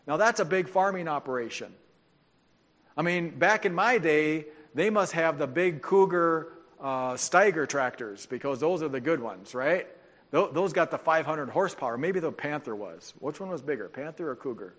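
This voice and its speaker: Man, preacher, sermon, animated storytelling, joking asides, slightly high voice, long hall reverb. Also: normal speed.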